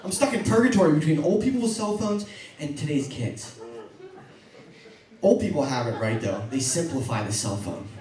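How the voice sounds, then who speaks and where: A male stand-up comedian on a comedy club stage, doing his routine in an animated way and jumping into high mock voices. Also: moderate pace. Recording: echoey club from far off. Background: audience laughter.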